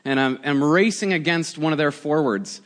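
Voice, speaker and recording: A man in his forties, a pastor giving a conversational, animated sermon with prayer and storytelling. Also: a little high, normal speed. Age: 40s.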